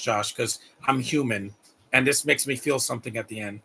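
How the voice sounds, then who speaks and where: A man's voice: medium pitch, moderate pace, vocal fry, bright, forceful tone, breathy edge. A man giving rambling, heartfelt live commentary on a movie, repeating words as he talks. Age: adult.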